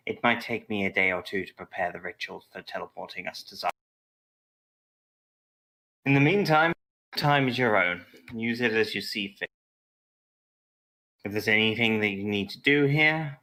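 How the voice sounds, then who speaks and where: A man playing a measured, courteous wizard in a tabletop game, with a low, bright voice. He speaks calmly and politely. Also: rough recording. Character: calm older male wizard guide.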